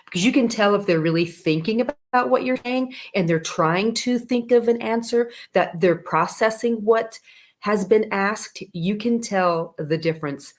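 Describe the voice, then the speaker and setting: A woman's voice: medium pitch, measured pace. A middle-aged woman, a parenting coach, giving advice in a casual live video talk, earnest and chatty, checking in often with "okay" and "all right".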